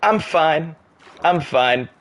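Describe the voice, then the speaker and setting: A young American man streaming a game, joking, reacting out loud and chatting casually with his viewers. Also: on the high side, expressive, very slow, slight background noise. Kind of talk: casual chat while gaming.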